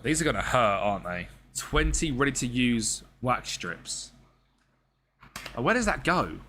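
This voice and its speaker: A man's voice: mid-range voice, animated, measured pace, a bit bright. A man giving casual, slangy gameplay commentary and talking back to the characters on screen. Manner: chatty, slangy, talks to the game characters. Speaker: gaming streamer.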